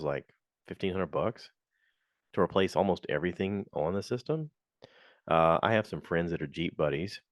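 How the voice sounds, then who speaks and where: A man hosting a podcast, telling a frank, animated story in a casual monologue and complaining as he goes. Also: deep voice, no room sound, clean studio sound. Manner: animated, slips into quoted voices. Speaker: podcast host.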